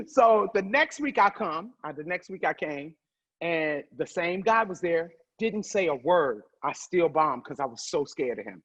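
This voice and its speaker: A woman comedian telling stories as a guest, loud and profane, quick to laugh. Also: on the low side, lively intonation, breathy edge, low-quality recording. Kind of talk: animated storytelling.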